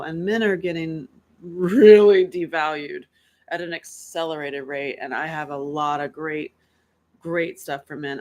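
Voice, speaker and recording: A middle-aged woman from North Carolina talking to her viewers in a loose, unscripted chat. Her voice sits a little low, and she speaks with candid, animated energy, laughing easily and darting into quick asides. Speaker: host. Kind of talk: casual live-stream chat.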